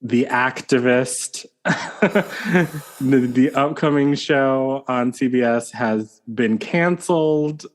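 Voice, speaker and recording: Man, podcast co-host, casual chat, joking and laughing, slow delivery, mid-pitched voice. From United States. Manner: playful, laughs often.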